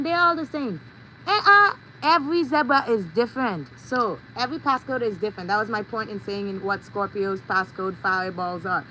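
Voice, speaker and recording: A woman's voice: fairly high pitch, sharp tone, a little hiss or hum, low-quality recording. A woman vlogger talking in a playful, rambling monologue, telling stories with goofy sound effects.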